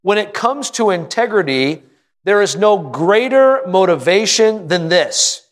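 A pastor whose voice is a little higher than most men's delivers an animated sermon in a folksy, joking style, repeatedly asking the congregation questions. He slows down to press hard on the key lines.

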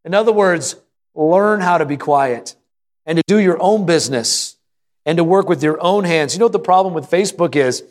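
Male pastor preaching a sermon, fairly high-pitched, calls out to the congregation for responses. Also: moderate pace. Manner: reads scripture aloud and acts out an anxious prayer.

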